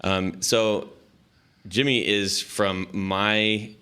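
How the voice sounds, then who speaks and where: Rambling, bright-voiced podcast host man. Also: fairly low pitch, steady tone, drawn-out words, clear, resonant tone. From Southern California. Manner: rambling, self-interrupting, laughs often. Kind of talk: casual podcast chat.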